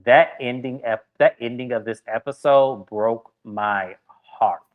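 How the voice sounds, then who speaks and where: Man giving an animated recap. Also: medium pitch, measured pace, narrow, tinny audio. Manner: animated, retells scenes with quoted voices. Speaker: reality TV recap host. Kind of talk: casual recap commentary.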